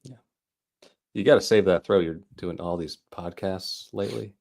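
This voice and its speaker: Co-host, man, very low gravelly voice, dry deadpan one-liners. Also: moderate pace. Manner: laconic, dry short replies. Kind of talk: casual comedic chat.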